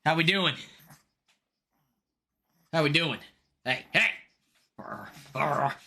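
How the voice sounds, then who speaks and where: A young man chatting casually on a live stream, excitable and chatty, greeting viewers by name from his home. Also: a little high, takes it slowly, gravelly.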